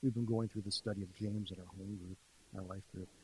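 A man preaching an earnest sermon, swinging between quiet, intimate passages and louder emphasis. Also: fairly low pitch, steady tone, fast talker, a little hiss or hum, rough recording. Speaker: pastor.

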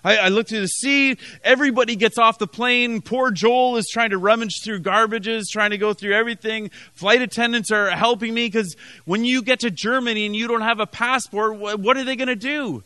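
A man's voice: high voice, fairly even intonation, fairly quick, few pauses, sharp tone, clean tone, no echo. A man from Canada preaching a sermon as pastor, telling a story with many restarts and emphatic repetition.

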